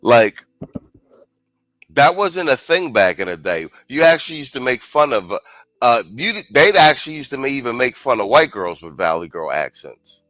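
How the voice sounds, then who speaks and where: A man's voice: medium pitch, sing-song, normal speed, a bit bright, no room sound, low-quality recording. A man hosting a show, giving blunt, slangy, casual commentary on clips and reading viewer comments aloud. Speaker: show host.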